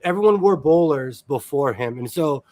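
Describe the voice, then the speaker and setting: Lively, laughing male sewing host. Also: a little high, normal speed. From US West Coast. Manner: rambling, laughs often, animated storyteller. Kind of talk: casual chat.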